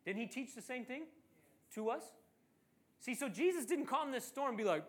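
A male preacher delivers a sermon in an animated storytelling manner. He acts out the voices of the figures in the passage he reads, jumping high for the frantic ones and sinking low for the calm ones. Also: moderate pace, a little hiss or hum.

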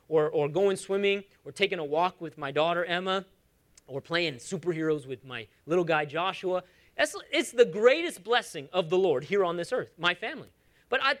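A pastor in his thirties delivers a sermon in a high voice that swings widely in pitch. His manner is conversational and animated, with humorous asides and emphatic repetition.

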